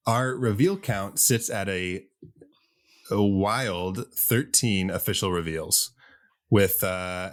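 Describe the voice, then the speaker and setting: A man hosting a podcast in casual chat, loose and rambling with lots of ums. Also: sits low. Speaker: podcast host.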